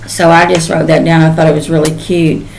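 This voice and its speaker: A woman's voice: low voice, flat delivery, brisk, creaky, a little mellow, slight background noise, poor audio. An older woman, a psychic channeler, giving a casual spoken reading in a rambling, emotional way with many "um"s.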